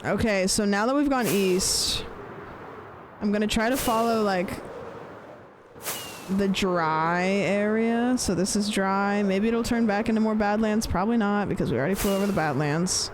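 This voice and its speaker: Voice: medium pitch, normal speed, background noise. A streamer chatting casually while gaming, rambling and swearing, playfully repeating phrases with different stress.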